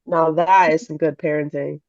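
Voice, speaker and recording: Mom cohosting a chat podcast, blunt, laughs a lot, kinda dull dry sound. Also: female voice, low voice, moderate pace, no echo. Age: adult parent. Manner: laughs often, blunt and animated. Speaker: podcast co-host. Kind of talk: casual chat.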